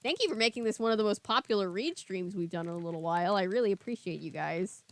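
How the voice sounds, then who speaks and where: A woman's voice: medium pitch, animated, fast, no room sound. A young woman with a Southern US accent reading a children's book aloud on a stream, stopping to chat casually with viewers. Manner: reads the book, then chats casually with viewers.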